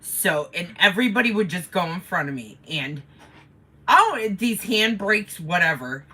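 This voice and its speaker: Bright, lowish-voiced woman telling a story. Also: measured pace, slightly rough. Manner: animated storyteller who swears freely. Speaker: co-host of a live chat stream. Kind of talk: casual storytelling chat.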